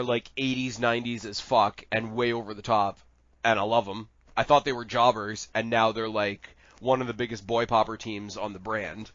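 Man, podcast co-host, casual wrestling chat, animated, profane, dry muffled sound. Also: mid-range voice, no room sound. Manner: animated, swears a lot, rambling asides.

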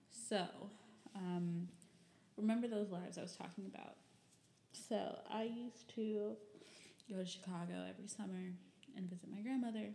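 A woman's voice: medium pitch, steady tone, moderate pace, mellow, echoey room, a little hiss or hum. A young woman from Michigan telling personal stories and reading old diary entries in a rambling, candid way, full of fillers and the odd curse. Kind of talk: personal storytelling.

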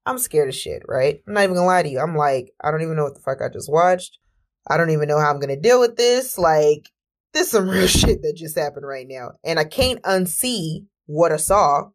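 A woman podcast host telling a story in a casual monologue, animated and exclamatory, cursing freely and talking herself down with deep breaths.

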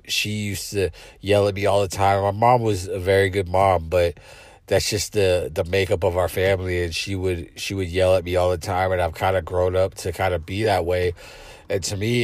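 Male podcast host, deep low voice, dry close sound; blunt, profane, rambling delivery. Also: a little mellow, no echo. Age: adult parent. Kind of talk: casual monologue.

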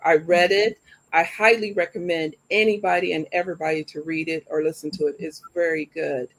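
A woman with a low, steady voice speaks a little fast as host of a live show. She chats upbeat and directly to her audience before turning to ask her guest questions in a live interview.

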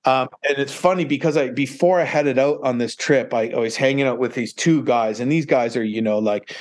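A man's voice: mid-range voice, a little fast. A man, a podcast guest, tells a story casually in a rambling way and often restarts his sentences. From Canada. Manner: rambling, many fillers and restarts, animated retelling.

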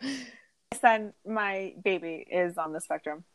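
A woman's voice: medium pitch, takes it slowly, low-quality recording. A woman hosting a podcast, chatting casually and recapping an episode, often laughing through her stories. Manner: laughs often, animated storytelling. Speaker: podcast host.

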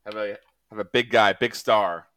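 A man's voice: fairly low pitch, fairly even intonation, moderate pace, crowd noise. A man co-hosting a podcast in casual chat, loose and stumbling over his words. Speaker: podcast co-host.

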